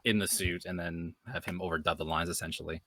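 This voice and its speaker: A man in his thirties hosting a podcast, running through news in a relaxed, hesitant way. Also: low-pitched, quick pace, slight background noise. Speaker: podcast host reading news. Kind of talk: casual chat.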